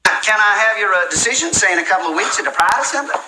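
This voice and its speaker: An actor playing an indignant man in authority who scolds a school head, shouting, in a film clip with loud music. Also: high-pitched, animated, rapid-fire, echoey room, background noise. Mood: businesslike.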